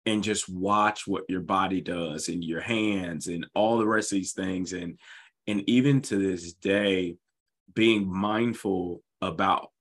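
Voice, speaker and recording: Male host, lowish husky voice, enthusiastic and rambling. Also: slow pace. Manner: enthusiastic storyteller, rambling asides. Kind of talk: casual conversation.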